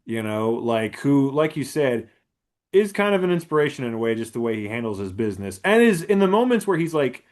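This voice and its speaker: A man's voice: medium pitch, very animated, fairly quick. A man co-hosting a podcast, talking casually about a film and rambling with lots of filler words. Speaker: podcast co-host. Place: podcast studio.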